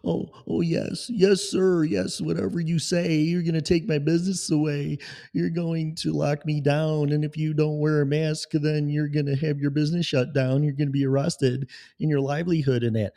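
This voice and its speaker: A man voicing a meek, cowering American man who simpers "yes sir" in a high, pleading voice. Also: flat delivery, normal speed, vocal fry, mellow. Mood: groveling. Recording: long echoing reverb.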